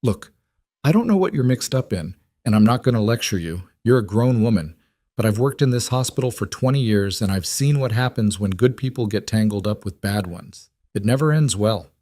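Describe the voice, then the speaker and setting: A man's voice: fairly low pitch, animated, moderate pace, dark tone, no room sound, studio quality. A man voicing a blunt, scolding middle-aged woman nurse in a storybook reading.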